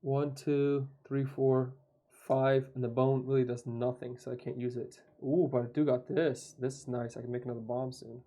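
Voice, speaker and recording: A man's voice: medium pitch, little pitch movement, normal speed, dark tone. A man playing a tabletop board game, counting dice aloud and coaching his partner through the rules in casual chat.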